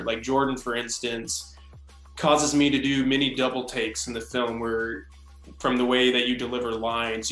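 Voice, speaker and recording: A man's voice: medium pitch, fairly bright tone, roomy sound. A man interviewing filmmakers, asking long questions hesitantly with many fillers.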